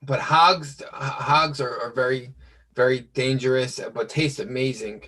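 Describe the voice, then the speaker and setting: A man in casual chat, talking haltingly with many restarts and fillers. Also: medium pitch, fairly even intonation, sharp tone, breathy edge, far from the mic, low-quality recording.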